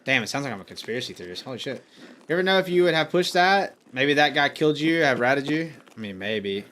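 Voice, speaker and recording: A man's voice: mid-range voice, expressive, fast talker, fairly bright tone, a little hiss or hum. A man streaming a game live, talking casually to his chat, frustrated and swearing as he rambles.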